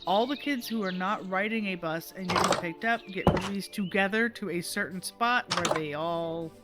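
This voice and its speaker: A middle-aged grandmother telling a family story while streaming, animated and laughing often, acting out the people she quotes. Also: fairly low pitch, normal speed, loud music behind the voice.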